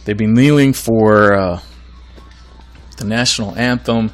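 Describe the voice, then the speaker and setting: Hoarse man hosting a solo podcast. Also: lowish voice, measured pace, soft background music. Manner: rambling, earnest, many fillers and restarts. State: losing his voice. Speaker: podcast host. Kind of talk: casual solo podcast monologue.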